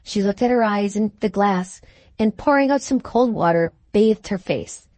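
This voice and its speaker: A woman's voice: mid-range voice, lively intonation, moderate pace, a little mellow, no room sound. Woman narrating an audiobook. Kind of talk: scripted narration of a Victorian novel.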